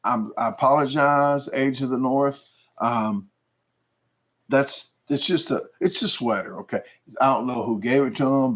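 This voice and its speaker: A man hosting his channel, chatting casually and rambling through viewer comments with frequent jokes and laughs. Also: mid-range voice. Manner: rambling, jokey, laughs often. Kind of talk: casual livestream chat.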